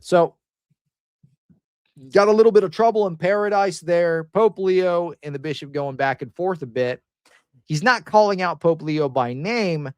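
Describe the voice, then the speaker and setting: A man's voice: mid-range voice, no room sound, studio quality. A man hosting a news commentary show who talks in a casual, slangy way and laughs often. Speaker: host.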